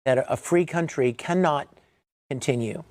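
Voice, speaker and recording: A man speaking earnestly about freedom, halting and repeating words as he goes. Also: mid-range voice, darkish tone, dry recording.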